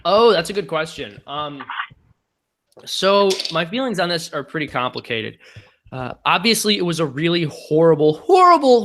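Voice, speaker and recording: A man hosting a casual live-stream Q&A, chatty and halting, with many ums. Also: fairly high pitch, creaky, background noise. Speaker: channel host.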